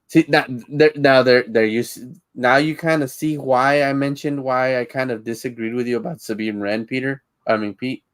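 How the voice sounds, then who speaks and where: A man's voice: medium pitch, dry recording. A man co-hosting a casual live-streamed chat, rambling, restarting his sentences and laughing easily. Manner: rambling, repeats words when starting sentences, laughs easily. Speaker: co-host of a live-streamed podcast.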